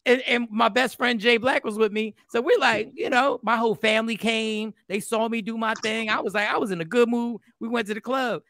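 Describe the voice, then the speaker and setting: A man telling a funny story in casual chat, self-mocking and relaxed. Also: very high voice, a little fast, hardly any pauses, no echo, clean studio sound. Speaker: podcast co-host.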